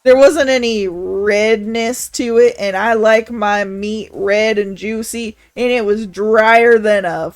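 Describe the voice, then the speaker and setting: A woman's voice: a little high, fairly even intonation, takes it slowly, hardly any pauses, no room sound. A woman voicing a boastful, meat-loving male dragon who is mayor of a town, rambling and crude in an improvised tabletop role-play. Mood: cocky.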